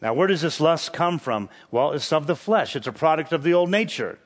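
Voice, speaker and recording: Male pastor preaching with emphatic rises. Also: fairly high pitch. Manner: emphatic preaching, rhetorical questions, rising to forceful peaks. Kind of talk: sermon.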